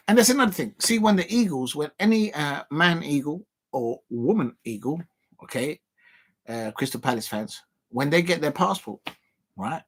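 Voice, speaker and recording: A young man from England, hosting a football watch-along in animated, casual chat, laughing often and repeating catchphrases. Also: fairly high pitch.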